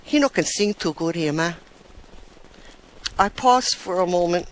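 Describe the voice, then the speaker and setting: A woman's voice: on the low side, lively intonation, measured pace, low-quality recording. A woman with a Hawaiian Pidgin accent telling a comic first-person story, listing items with rising emphasis.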